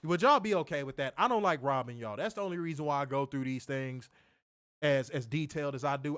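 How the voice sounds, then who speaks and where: Livestream wrestling reviewer, male, lively and profane, higher-pitched, dry mic. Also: brisk, smooth, no echo. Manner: animated, profane, slangy, reads chat aloud.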